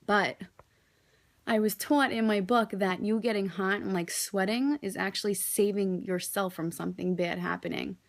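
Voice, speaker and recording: A woman's voice: mid-range voice, fairly even intonation, normal speed. A young woman talking casually to her camera, candid and rambling, peppering her speech with "like" and frequent swearing. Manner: candid, rambling, swears freely, says "like" often. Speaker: vlogger.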